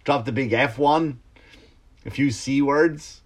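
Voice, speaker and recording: A male comedian on a podcast ranting in a casual, animated monologue, swearing freely and restarting his sentences. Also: medium pitch, takes it slowly.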